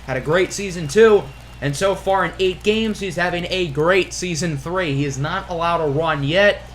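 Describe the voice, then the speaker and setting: A man giving play-by-play commentary over a video game, excitable on big plays with wry asides. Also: fairly high pitch, a little hiss or hum. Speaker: gaming channel host.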